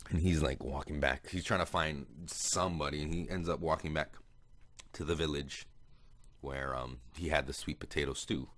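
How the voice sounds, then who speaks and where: A man's voice: extremely low pitch, steady tone, moderate pace, fairly bright tone. A man casually recapping a movie plot, rambling and swearing, with many fillers and restarts. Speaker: podcast host.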